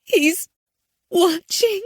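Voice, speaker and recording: A woman's voice: moderate pace, no echo, studio quality, close to an everyday voice. A woman doing a terrified teenage girl. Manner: high, pleading, on the verge of tears.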